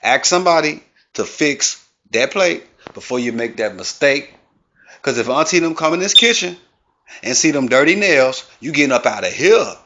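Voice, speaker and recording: A man's voice: medium pitch, pushed and bright. Man ranting preachily on lo-fi audio. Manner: preachy, repetitive, emphatic. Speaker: comedic video host. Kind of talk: comedic rant to camera. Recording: dull lo-fi sound.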